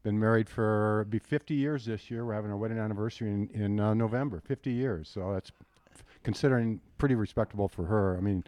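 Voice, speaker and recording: A man's voice: lowish voice, dark tone, no echo. Older man, dry, self-deprecating guest. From South Dakota. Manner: good-humoured, self-deprecating, halting with fillers. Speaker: podcast guest. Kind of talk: casual chat.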